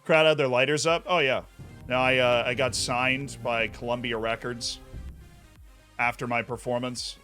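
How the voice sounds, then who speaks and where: Male game streamer, off-hand jokey commentary, bright tone. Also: mid-range voice, steady tone, normal speed, faint music behind. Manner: joking, off-hand. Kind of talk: casual gameplay commentary.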